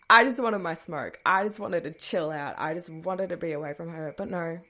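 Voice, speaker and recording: A woman's voice: on the low side, moderate pace, sharp tone. A woman hosting a podcast, telling a personal story in a casual, chatty way, breaking into nervous laughs and trailing off with dismissive asides. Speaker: podcast host.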